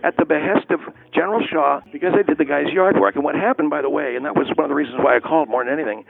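A touchy, stammering caller rambles on in a higher, gravelly voice, sounding thin and boxy down a phone line. A man puts him on. Faint music sits underneath. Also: rapid-fire, a crowd in the background. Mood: aggrieved.

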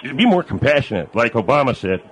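A man's voice: mid-range voice, big pitch swings, slight background noise, voice pushed down, natural voice. A man voicing a pushy male studio sidekick who lectures the host. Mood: scolding. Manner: scolding, lecturing, quick.

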